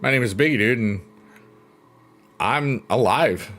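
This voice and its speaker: Casting: upbeat male livestream host, mid-range voice, close mic, soft music underneath. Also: mid-range voice, a little slow. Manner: goofy, upbeat, joking, laughing often. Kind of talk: casual livestream chat. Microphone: close mic, leans in.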